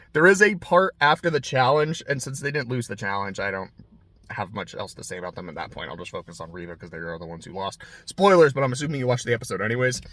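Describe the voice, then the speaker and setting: A man's voice: on the high side, no room sound. Chatty, swearing man recapping a show. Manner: chatty, profane, excitable storytelling. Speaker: podcast host recapping a TV show. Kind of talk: casual episode recap.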